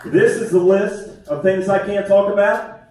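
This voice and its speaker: A man's voice: high-pitched, fairly even intonation, a little slow, darkish tone, a little hiss or hum. A man doing a self-deprecating, conversational stand-up comedy set on a theater stage. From West Virginia. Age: 50s. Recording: echoey theater from far off.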